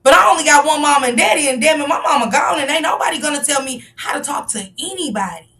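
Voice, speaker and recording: A woman's voice: high-pitched, animated, quick pace, a bit bright, far from the mic. A woman giving passionate live-stream commentary, firing off rhetorical questions and sometimes raising her voice. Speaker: livestream commentator.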